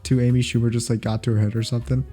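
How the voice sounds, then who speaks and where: A man's voice: medium pitch, little pitch movement, rapid-fire, dark tone, faint music behind. A young man co-hosting a podcast, casual and curious, asking lots of questions. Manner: curious, asks questions, laughs easily. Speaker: podcast co-host. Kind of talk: casual chat.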